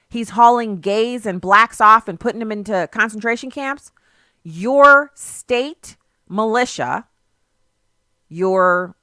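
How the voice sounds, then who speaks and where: A female talk-radio host with a bright, forceful voice, talking straight into a studio mic. She argues her points in an emphatic, sarcastic, conversational way. The sound is dry and close. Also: mid-range voice, no echo. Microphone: studio microphone.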